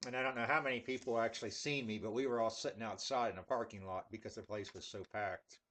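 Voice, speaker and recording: Man, lowish voice, laid-back, rambling, casual vlog talk with fillers. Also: fairly even intonation, quick pace, fairly bright tone. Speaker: pipe tobacco reviewer. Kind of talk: casual vlog storytelling and tobacco review.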